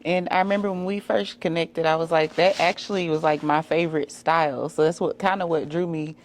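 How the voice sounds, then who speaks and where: Woman, podcast host, relaxed and encouraging, deep voice. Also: a little fast, slight background noise. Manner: relaxed, encouraging interviewer, asks open questions. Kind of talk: casual podcast interview.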